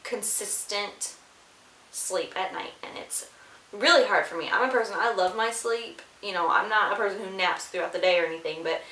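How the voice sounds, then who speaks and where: Young woman, mother vlogging, tired, chatty, fillers, medium pitch, roomy echo. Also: normal speed, bright, forceful tone. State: sleep-deprived. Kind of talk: casual chat to camera. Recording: echoey room with faint hiss.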